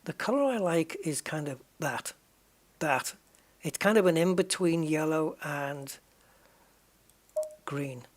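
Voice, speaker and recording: A man's voice: fairly high pitch, animated, takes it slowly. A man streaming a racing game, musing aloud and chatting to viewers with jokey asides. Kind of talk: casual live-stream chat.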